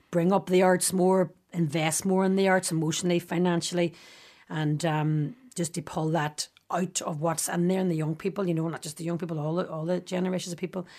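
A woman's voice: on the low side, little pitch movement, brisk, mellow. Chatty woman with a Derry accent. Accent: Derry, Northern Irish. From Derry, Northern Ireland. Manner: chatty, laughing storyteller with local slang. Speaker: guest. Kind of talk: casual chat.

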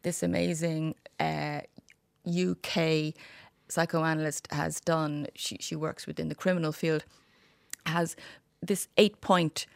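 A woman, a guest in a radio interview, chatty and animated with quick asides. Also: deep voice, vocal fry, dry recording. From Ireland. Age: 50s.

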